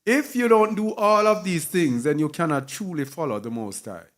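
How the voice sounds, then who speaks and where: A man's voice: on the high side, expressive, normal speed, fairly bright tone. A man teaching a sermon with emphasis, repeating key words and spelling some out letter by letter. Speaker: Bible teacher.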